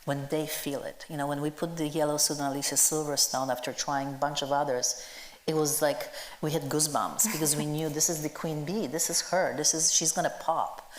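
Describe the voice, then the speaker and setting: A woman's voice: deep voice, flat delivery, a little fast, a little hiss or hum. A woman being interviewed about her work as a costume designer before a live audience, talking in an enthusiastic, chatty way with lots of fillers. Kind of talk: onstage conversation before an audience. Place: event hall with a live audience. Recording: roomy hall echo.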